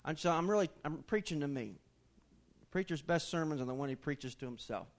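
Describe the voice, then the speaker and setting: A man preaching a sermon to his congregation, swinging from loud, passionate rises to quiet asides and putting questions straight to the room. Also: on the high side, a little fast. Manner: animated preaching with sudden loud rises and soft drops; asks the congregation questions directly. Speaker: pastor.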